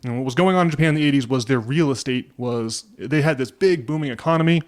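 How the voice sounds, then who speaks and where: A man co-hosting a casual podcast chat, his voice sitting at an ordinary middle pitch. He rambles through his points with frequent restarts and fillers. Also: fast. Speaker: podcast co-host.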